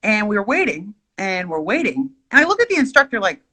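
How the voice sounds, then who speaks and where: A woman vlogger tells a rambling, animated story as she draws. Her pitch leaps and dips all over, in a mid-height voice. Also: fairly quick, slightly rough. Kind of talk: storytime while drawing.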